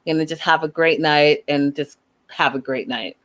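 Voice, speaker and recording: Woman host, slightly low pitch, animated opinionated recap commentary. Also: moderate pace. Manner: animated, opinionated, acts out quotes. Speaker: show host reviewing reality TV.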